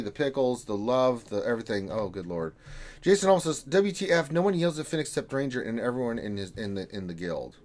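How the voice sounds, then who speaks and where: A man hosting a casual gaming livestream, reading out viewer messages with jokey asides. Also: mid-range voice. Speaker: stream host reading chat.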